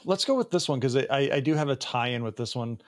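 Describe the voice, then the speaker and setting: A man co-hosting a podcast, chatting casually and getting animated when he mocks bad film lines. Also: medium pitch, quick pace. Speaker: podcast co-host. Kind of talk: casual chat.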